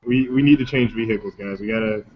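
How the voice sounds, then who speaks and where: Urgent player declaring actions. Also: male voice, lowish voice, fast. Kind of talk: playing a tabletop game. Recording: dull lo-fi recording, faint noise.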